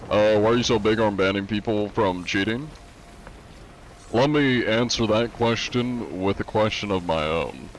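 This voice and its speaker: A man with a fairly low voice is chatting casually during a live game stream, reading viewer messages aloud and answering them at an easy, laid-back pace. He uses plenty of "uh" fillers, and a faint hiss runs under the recording.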